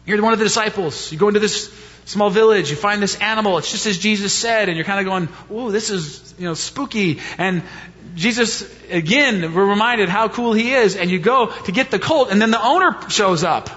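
A man's voice: sits high, a little fast, a bit bright. A man preaching a sermon in a conversational way, posing rhetorical questions and repeating key points for emphasis. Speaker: pastor. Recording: reverberant hall, dull lo-fi sound.

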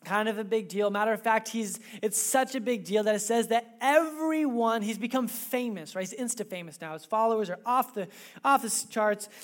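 Woman preacher, sermon delivered as casual animated storytelling, chatty asides. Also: on the high side, moderate pace.

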